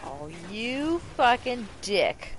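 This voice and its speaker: A woman streaming live gameplay commentary, swearing freely and yelling at the game. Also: fairly high pitch, big pitch swings, extremely slow, slight background noise. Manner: profane, exclaiming, talks to the game.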